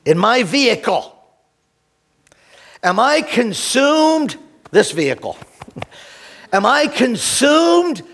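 A man preaching a sermon to his congregation, animated, swinging between emphatic points and hushed asides. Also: very high-pitched. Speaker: pastor.

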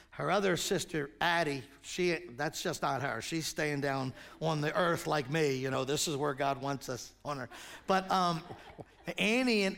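Older male pastor in his sixties with a high, gravelly voice, animated sermon storyteller.

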